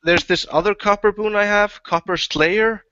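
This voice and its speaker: Male player, bright and tense tone, eager and halting, dry close sound. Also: high voice, fairly even intonation, clean tone, no room sound. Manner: eager, halting, describing attacks. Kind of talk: tabletop game play. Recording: dry, dull lo-fi recording.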